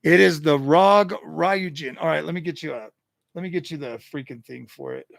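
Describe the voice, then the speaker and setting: Man, tech channel host, gravelly voice, dry close sound, animated casual rant, stammers. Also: a little high, normal speed, no room sound. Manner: animated, exasperated, stammers and repeats himself. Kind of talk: casual livestream chat.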